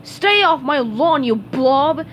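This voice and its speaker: A grumpy male squid, put on by a woman reading aloud, whining and snapping. His voice sits a little high, with faint noise in the background. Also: expressive, slow. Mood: grouchy. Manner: whiny. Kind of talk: storybook reading.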